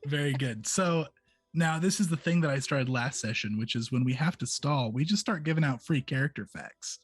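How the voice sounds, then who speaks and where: A man running a tabletop game as game master, chatty and relaxed, with many fillers. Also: mid-range voice, moderate pace, breathy edge, no echo, faint music behind.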